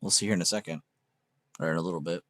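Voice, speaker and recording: Reading out viewer comments on a casual livestream, the host chats loosely, cracks jokes, laughs at them himself and swears casually. He talks very fast in a low, steady, fairly bright voice, recorded dry.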